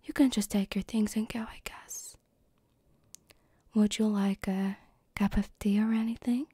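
Woman doing a middle-aged mom, whispered role-play, gentle, hesitant, breathy, slow. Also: mid-range voice, fairly even intonation, no room sound, studio quality. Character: kind middle-aged mother of the listener's ex.

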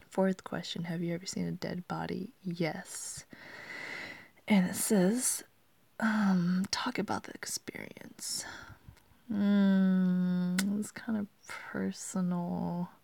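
Giggly young woman half-whispering, gravelly. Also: lowish voice, fairly even intonation, takes it slowly, darkish tone, no room sound. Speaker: vlogger. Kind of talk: casual questionnaire chat.

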